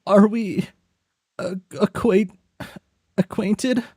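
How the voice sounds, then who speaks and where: A man's voice: high voice, steady tone, extremely slow, a little mellow, no room sound, clean studio sound, voice pushed up, heavily acted. A man doing a timid, stammering young troll. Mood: confused. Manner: stammering, hesitant questions. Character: timid young male troll, halting and unsure.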